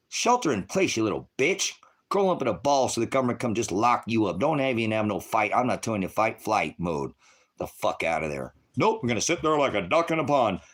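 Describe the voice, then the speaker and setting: Male online preacher from Oregon, low-pitched, combative, profane livestream ranter. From Oregon, USA. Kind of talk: livestream rant to viewers.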